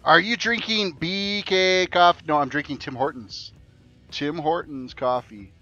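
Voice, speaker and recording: A man's voice: on the high side, unhurried, pushed and bright, muffled recording, faint music behind. A man streaming a video game, chatting and joking casually with his viewers as he plays. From Canada. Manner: chatty and joking, reads chat aloud. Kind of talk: casual commentary while playing.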